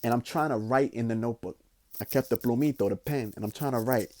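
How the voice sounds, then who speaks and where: A young man telling a personal story in a casual, animated way, swearing often and filling his talk with "like". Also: medium pitch, fast, a little hiss or hum. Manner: animated, profane, frequent "like" fillers. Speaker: podcast host.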